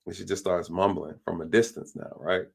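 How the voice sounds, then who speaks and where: A man's voice: sits low, steady tone, brisk, gravelly, slightly rough. A man, a police officer, telling a story in a casual way on a live stream. He acts out the lines of the people in it and often repeats himself with fillers like "you know".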